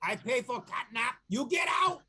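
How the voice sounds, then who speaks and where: A man's voice: extremely high pitch, sing-song, normal speed, crowd noise, voice pushed up. A man voicing a blunt catfolk brawler who barks clipped commands in broken speech. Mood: bossy.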